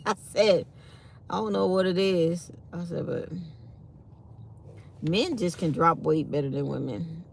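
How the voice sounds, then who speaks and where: A tired channel host yawns her way through a casual morning chat, reading her viewers' live comments aloud as she talks. Her voice is low and creaky, and a faint hiss or hum sits under it.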